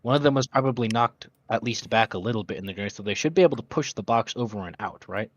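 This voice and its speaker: A man's voice: on the low side, fast. A man playing in a tabletop role-playing game, casually laying out his character's plans at length. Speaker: player. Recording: dull, dry lo-fi mic.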